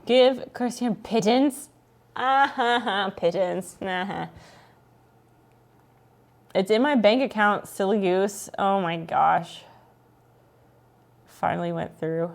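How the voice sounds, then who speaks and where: A woman's voice: mid-range voice, takes it slowly, gravelly, long pauses. Woman streamer, casual playful chat with viewers, teasing tone. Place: home.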